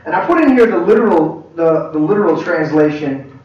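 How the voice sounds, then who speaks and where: A man's voice: a little high, expressive. Man teaching a class in an echoey room. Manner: conversational, halting with restarts. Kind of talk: church leadership lesson. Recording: echoey room, far from mic, dull.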